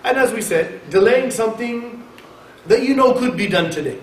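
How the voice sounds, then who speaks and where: A man giving a conversational sermon at a mosque, lecturing in an emphatic, animated way. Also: very high-pitched, moderate pace. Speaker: mosque speaker. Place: mosque hall. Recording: echoey hall, mic far off, faint hiss.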